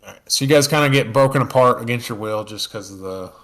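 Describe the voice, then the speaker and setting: A man narrating as game master, casual and full of fillers, slipping into quick character lines. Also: medium pitch, a bit bright, slight background noise.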